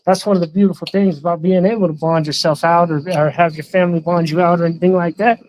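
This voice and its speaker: A man's voice: fairly high pitch, steady tone, fast, a little mellow, slight background noise, low-quality recording. A young man chatting casually on a livestream, slangy and swearing, laughing often. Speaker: streamer. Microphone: streaming mic.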